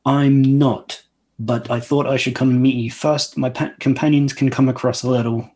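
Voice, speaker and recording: A man's voice: mid-range voice, steady tone, normal speed, dark tone. Male tabletop player, medium voice, hesitant and polite in character.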